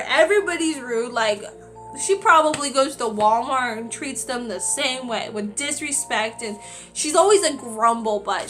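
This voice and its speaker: Chatty exasperated young woman, bright high voice. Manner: chatty, exasperated, many "like" fillers. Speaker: retail worker. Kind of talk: casual storytime vlog.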